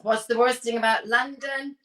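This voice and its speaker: An older woman answering a quick run of casual questions as an interview guest, chatty and self-assured. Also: fairly high pitch, fairly even intonation, low-quality recording.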